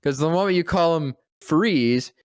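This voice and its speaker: A man, a guest voice actor, telling a story in casual podcast chat, profane and animated, often dropping into deep voices when quoting people. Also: a little slow, clear, resonant tone, no room sound, studio quality.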